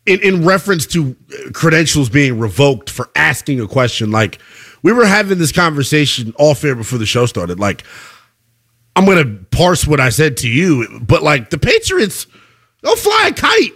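A man with a high, bright voice co-hosts a casual sports show. He talks emphatically and repeats his points for effect. His pitch swings widely as he rants. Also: animated, moderate pace, husky. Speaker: sports podcast co-host.

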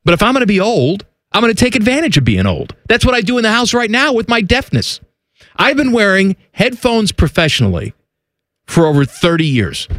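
A male radio host in his forties who talks in a lively, swooping way, full of teasing jokes. The voice is close and dry, with no room around it. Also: high-pitched, brisk, dry recording. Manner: joking, animated, teasing. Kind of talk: casual radio banter.

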